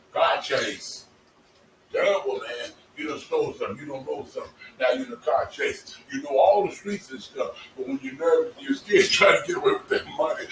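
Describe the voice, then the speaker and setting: A man telling casual stories to his vlog audience, animated and laughing, cursing freely as he talks. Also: a little high. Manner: animated, swearing, laughing storyteller. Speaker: vlogger. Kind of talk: casual storytelling monologue. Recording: echoey, distant mic with faint noise.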